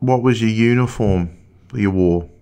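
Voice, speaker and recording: A man interviewing a guest, asking plain, measured questions as a true crime writer. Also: on the low side, dark tone, clean tone.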